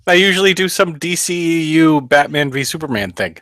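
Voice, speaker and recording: A man's voice: a little high, animated, a little fast, bright, forceful tone, dry recording, studio quality. A man co-hosting a podcast in casual, joking banter, laughing between lines, on a home mic with headphones. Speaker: podcast co-host.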